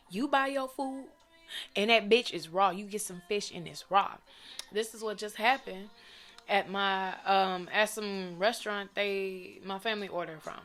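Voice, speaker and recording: A young woman vlogger telling a story to camera in a blunt, profane, animated way. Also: medium pitch. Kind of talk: casual storytime rant to camera.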